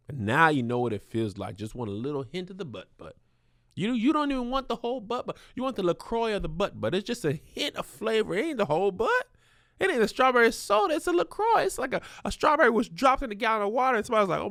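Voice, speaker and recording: Animated man riffing on advice letters. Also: sits high, fast talker, no echo, studio quality. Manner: reads letters, then riffs loudly with mock outrage. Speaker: advice show host. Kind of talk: comedic advice show. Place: small studio.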